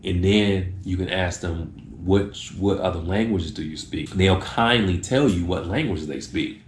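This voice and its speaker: Low-voiced man giving tips, roomy echo. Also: a little slow, slight background noise. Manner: acts out short exchanges in changed voices. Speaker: video host giving tips. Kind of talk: casual talk to camera.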